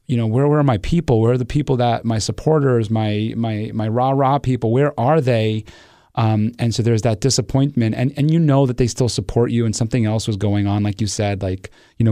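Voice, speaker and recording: A man's voice: lowish voice, warm tone, dry recording, studio quality. A man hosting a podcast, answering his guest in an earnest, empathetic way with many restarts. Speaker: podcast host. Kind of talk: interview conversation.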